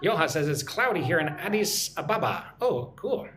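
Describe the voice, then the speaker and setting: An American man teaching English in a live online lesson, repeating example phrases slowly and clearly for learners. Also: fairly high pitch, sing-song, a bit bright, reverberant, slight background noise. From United States. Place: at home.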